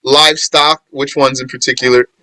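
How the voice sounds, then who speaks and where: A man's voice: medium pitch, level tone, moderate pace, sharp tone, no room sound, rough recording. A man teaching an informal class on Islamic law, quizzing his students, restating points and correcting phrasing as he goes. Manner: quizzes students and answers their replies. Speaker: religious teacher.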